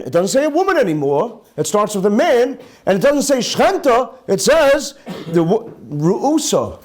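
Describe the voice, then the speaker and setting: Rabbi at the lectern for a live Torah class: a man with a high, very expressive voice who keeps asking the room questions. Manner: animated, peppers talk with rhetorical questions and Hebrew terms. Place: live class with an audience present.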